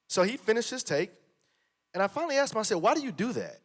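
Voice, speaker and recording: A man speaks casually on a panel about how he works on set, his voice a touch high. He talks with emphasis and keeps repeating himself. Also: sing-song, fast. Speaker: actor on a panel. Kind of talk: casual conversation.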